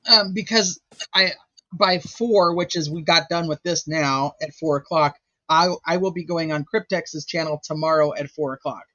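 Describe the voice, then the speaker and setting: A man's voice: fairly high pitch, moderate pace, sharp tone, dry recording, lo-fi sound. A man hosting a casual livestream chat, rambling and chatty with lots of filler words. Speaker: host.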